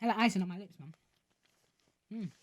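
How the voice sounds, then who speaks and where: A man's voice: sits high, a little fast, no echo. A man co-hosting a podcast, bantering casually and talking with his mouth full. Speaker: podcast co-host. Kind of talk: casual banter during an eating challenge.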